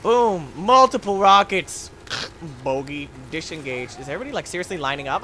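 A man hosting a let's play, commentating his own game with excitable jokes and yelps. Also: a little high, fairly quick, a little hiss or hum. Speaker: gaming channel host.

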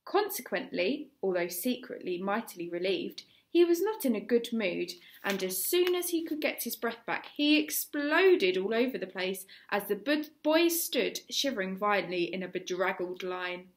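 Brief: English woman teacher reading a children's novel aloud, mid-pitched, expressive, little stumbles fixed on the fly. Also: moderate pace, few pauses. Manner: expressive, with small slips and self-corrections. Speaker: teacher reading a chapter book.

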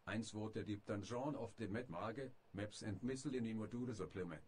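A man reads out a list in a stiff, mock-formal way while putting on a joking fake German accent. His voice sits fairly low. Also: brisk, darkish tone, breathy edge.

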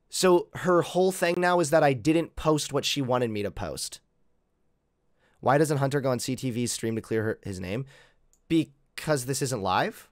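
A man's voice: mid-range voice, unhurried, no room sound, clean studio sound. A man hosting a commentary video, reacting to a clip in an exasperated, sarcastic rant. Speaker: commentary channel host.

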